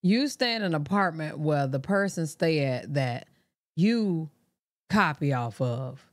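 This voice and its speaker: A woman's voice: low-pitched, lively intonation, measured pace. A woman hosting a reaction channel, giving blunt, profane commentary on clips in a casual way. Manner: blunt, profane, laughing asides.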